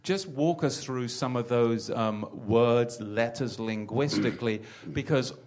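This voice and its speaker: A man's voice: mid-range voice, unhurried, darkish tone. A man hosting a religious teaching talk, repeating words as he finds his phrasing. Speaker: host.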